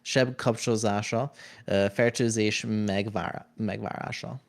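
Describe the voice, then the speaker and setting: A man's voice: lowish voice, fairly even intonation, normal speed, creaky. Playful man reading stream chat. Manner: playful, jokey asides between read-outs. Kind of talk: casual stream chat, reading chat messages aloud.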